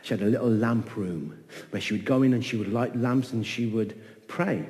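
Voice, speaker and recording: A man telling a folk tale in an animated way, repeating phrases and voicing the characters. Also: medium pitch, moderate pace, in a large hall. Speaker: storyteller. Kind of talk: oral folk-tale storytelling.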